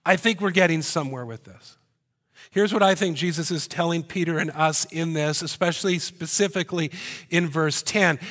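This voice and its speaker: A man's voice: fairly high pitch, normal speed, a bit bright, long reverb tail. A man preaching a sermon in a conversational way, firing rhetorical questions at the congregation and slipping in joking asides. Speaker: pastor. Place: church hall before a congregation.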